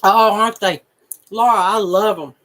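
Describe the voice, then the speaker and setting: A woman's voice: medium pitch, fairly even intonation, moderate pace, a bit bright. A woman hosting a crochet channel, chatting casually with viewers and laughing and snorting often. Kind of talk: casual live chat reading viewer comments.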